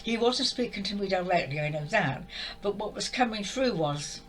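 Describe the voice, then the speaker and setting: Older woman, tearful and exasperated, animated rising and falling delivery, heartfelt monologue to camera. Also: medium pitch, normal speed, slight background noise, low-quality recording. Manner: upset, exasperated, repetitive. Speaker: spiritual channel speaker.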